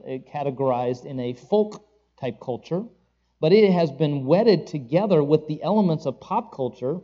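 A man's voice: mid-range voice, warm tone, dull audio. A man teaching a class on music in a church setting, rambling with fillers and restarts and leading the group in reading aloud. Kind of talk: classroom lecture.

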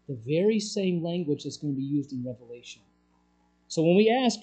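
A preacher delivering a sermon, swinging between loud urgent passages and hushed, low ones. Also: lively intonation, moderate pace, rough recording.

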